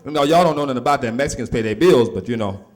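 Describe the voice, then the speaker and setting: A man's voice: medium pitch, lively intonation, rapid-fire, darkish tone. Man doing loose stand-up. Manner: loose conversational delivery with frequent asides. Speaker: stand-up comedian. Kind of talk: stand-up routine.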